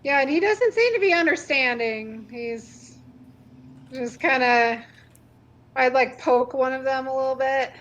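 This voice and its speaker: A woman's voice: sits high, unhurried, fairly bright tone, muffled recording, slight background noise. A woman playing in a tabletop game, talking in a playful, quirky way. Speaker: player. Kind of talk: tabletop game play, in character.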